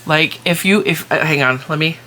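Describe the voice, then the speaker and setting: A woman's voice: low voice, normal speed, sharp tone, a little hiss or hum. Chatty woman gushing over yarn. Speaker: crochet and yarn vlogger. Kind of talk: casual show-and-tell vlog.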